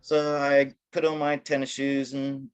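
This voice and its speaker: A man's voice: medium pitch, completely flat delivery, measured pace, smooth. A man telling his life story in a casual interview over a video call, rambling with restarts and laughing at himself. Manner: rambling, with many restarts and self-corrections; self-deprecating, laughing at himself.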